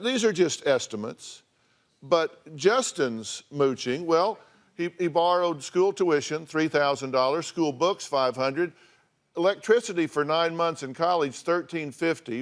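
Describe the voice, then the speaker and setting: An older man with a Southern American accent hosting a talk show, bluntly scolding guests and reading out costs. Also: on the high side. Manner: blunt, scolding, reads out figures. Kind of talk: confrontational talk show advice.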